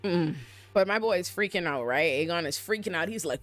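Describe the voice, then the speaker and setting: A low-voiced woman hosting a casual recap of a TV show. She talks in an animated, profane way, and her voice jumps up suddenly when she gets worked up. Faint music plays behind her. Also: brisk. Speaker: TV recap host.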